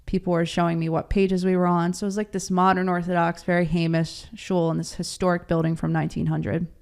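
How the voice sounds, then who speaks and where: A woman with a lowish voice and a lot of gravelly fry tells her story as an interview guest. She talks casually, laughs often and acts out what others said. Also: level tone, a little fast, darkish tone. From Baltimore, USA.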